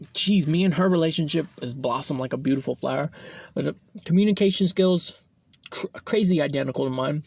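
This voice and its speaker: A man's voice: on the high side, creaky, a little mellow, no echo. A young man hosting a podcast, telling a personal story in a rambling, profane way, full of fillers. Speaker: podcast host. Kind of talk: casual storytelling monologue.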